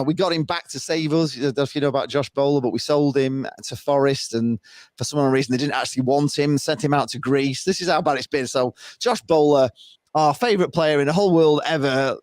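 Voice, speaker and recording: A man appearing as a podcast guest, talking football in a rambling, animated way and laughing often. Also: a little high, fairly quick, dry recording, studio quality. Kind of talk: casual football chat.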